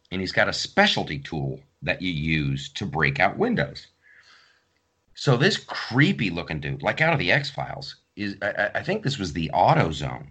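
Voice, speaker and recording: A man with a low, husky voice hosts a podcast, sharing stories casually. He narrates with energy and plays out the quotes of the people involved.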